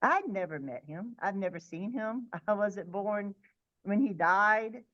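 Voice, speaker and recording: With the highs cut off from the recording, this mid-range female voice belongs to an interview guest telling the story of her near-death experience. She relives the childhood spiritual moment vividly and quickly, full of animation, occasionally starting a sentence over.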